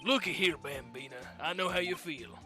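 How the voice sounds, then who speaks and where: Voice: medium pitch, moderate pace, over music, close to an everyday voice. A streamer voicing a swaggering male detective who talks like a Wild West cowboy, with a folksy drawl, reading game lines aloud.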